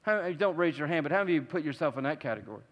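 High-voiced man preaching a sermon. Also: lively intonation, racing, in a large hall. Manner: dynamic, swings from hushed to loud emphatic; acts out quoted voices.

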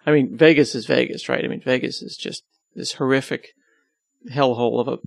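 Teasing, gravelly-voiced man on a dry mic. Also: medium pitch, fairly even intonation, fairly quick, dry recording. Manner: teasing, rambling, self-deprecating. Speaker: podcast host and web developer, as guest. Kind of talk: casual podcast interview.

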